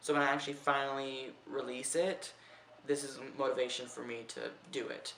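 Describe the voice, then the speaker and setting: A man's voice: medium pitch, flat delivery, a little fast, fairly bright tone, a little hiss or hum. A young man vlogging in a casual, chatty way, full of "like" and swearing freely. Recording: roomy echo, heard from a distance.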